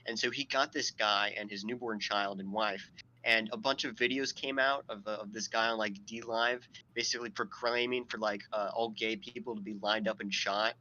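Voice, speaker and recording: A man hosts a casual podcast, telling a long, wandering story loaded with swearing and filler words. His voice is bright and forward. A faint hiss of noise sits under the recording. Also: lowish voice, steady tone, moderate pace, lo-fi sound. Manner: rambling and profane, full of fillers; laughs at his own storytelling. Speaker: podcast host.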